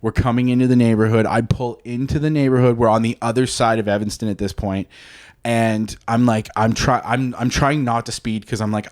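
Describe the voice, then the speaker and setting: A man's voice: mid-range voice, fairly even intonation, a little fast. A man in his thirties from Canada, hosting a podcast and telling a story in casual, profane chat, acting out the quotes. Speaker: podcast host.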